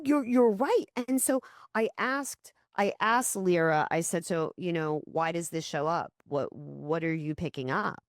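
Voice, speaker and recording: A woman co-hosting a podcast, telling stories in animated casual chat and swearing offhandedly. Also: deep voice, dry recording, clean studio sound. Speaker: podcast co-host.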